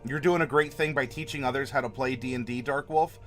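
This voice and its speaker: A talkative man hosts a casual livestream in a mid-range voice. He rambles from one viewer comment to the next and laughs often. Faint music plays quietly under him. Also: mid-range voice, fairly even intonation, brisk. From Florida. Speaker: livestream host.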